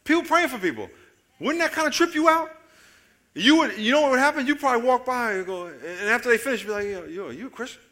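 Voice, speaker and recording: A man preaching a sermon, telling stories with acted-out voices and jokes, moving between loud excited calls and quiet low asides. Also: fast talker. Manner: animated storytelling, acting out voices and jokes. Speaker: pastor.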